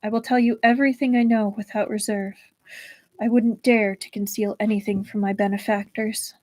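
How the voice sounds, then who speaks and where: A woman's voice: medium pitch, little pitch movement, normal speed, darkish tone, no room sound, lightly acted. A woman reading aloud and voicing a frightened, pleading young village wife in a novel. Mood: grateful.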